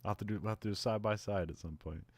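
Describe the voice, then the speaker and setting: Male podcast host, fairly low voice, loose rambling film recap with lots of "like" and "you know", dry close sound. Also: racing, darkish tone, dry recording. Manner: rambling, many fillers and restarts, laughs at the plot.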